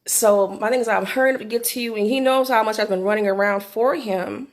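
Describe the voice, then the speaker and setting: A middle-aged vlogger, talking a little fast at medium pitch, recounts a candid personal story into her phone. She is animated throughout and swears freely.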